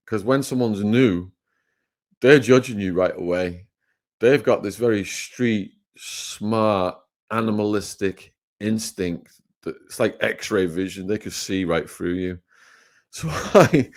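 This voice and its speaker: Lively English man telling prison stories. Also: fairly low pitch. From England. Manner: animated, laughing storyteller. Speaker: guest. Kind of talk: storytelling interview.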